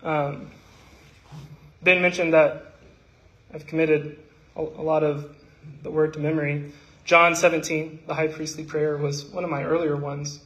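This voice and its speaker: Man in a church talk, kinda high voice, lots of ums then reciting verses with feeling. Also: flat delivery, fairly bright tone, muffled recording. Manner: halting, with fillers and restarts, rising when reciting. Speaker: church speaker. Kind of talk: devotional talk reciting scripture.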